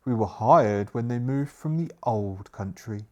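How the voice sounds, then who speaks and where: A man's voice: mid-range voice, lively intonation, a little slow, lightly acted. A man voicing a hunchbacked male butler who speaks formally and courteously in a solo tabletop game. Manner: formal, stately speech.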